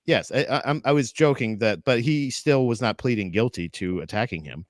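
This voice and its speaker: Podcast co-host, man, mid-pitch, rambling delivery, dry close sound. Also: normal speed, dry recording. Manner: rambling, many restarts, laughing asides. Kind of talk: casual chat.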